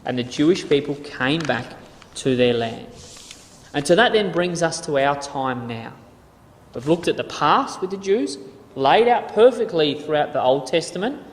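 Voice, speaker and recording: A man's voice: on the high side, animated, normal speed. A man giving a casual Bible lecture from slides, often repeating words and reading passages aloud. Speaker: Bible teacher. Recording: echoey hall reverb.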